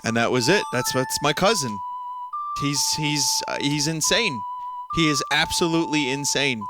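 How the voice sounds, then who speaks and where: A man's voice: a little high, normal speed, over music. A man streaming a video game, casually telling a long story with lots of fillers, restarts and amused asides.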